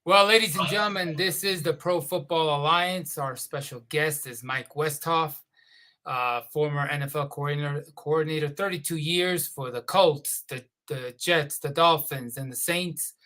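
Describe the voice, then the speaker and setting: A man's voice: on the high side, normal speed, sharp tone. A man hosting an interview who reacts briefly and reads a sponsor message. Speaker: guest host.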